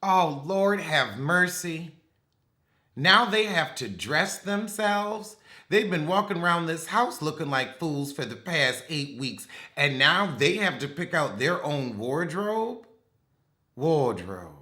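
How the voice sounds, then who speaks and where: A man's voice: fairly high pitch, animated, takes it slowly, sharp tone. A man recapping a reality show with sassy, dramatic, cutting humor.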